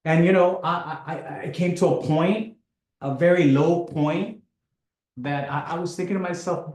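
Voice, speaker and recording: A man telling a personal story in a halting way, often repeating words, with dark self-mocking humor. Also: on the high side, reverberant.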